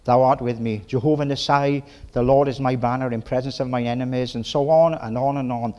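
Lively Welsh preacher, folksy. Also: male voice, mid-range voice, highs cut off. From Wales. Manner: folksy, lively, quick bursts with tag questions. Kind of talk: sermon.

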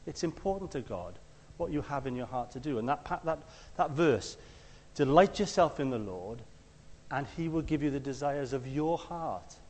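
A man preaching a conversational sermon. He tells stories and acts out the quotes, sometimes shouting them loudly. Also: medium pitch, lively intonation, normal speed, long reverb tail.

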